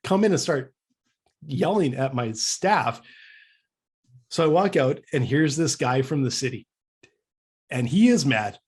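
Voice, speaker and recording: A man's voice: mid-range voice, a little slow, pauses often, breathy edge. A man from Canada co-hosting a podcast, telling a story casually, with many restarts and acting out the dialogue. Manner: animated storyteller who acts out quoted dialogue; frequent restarts and stammered repeats. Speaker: podcast co-host.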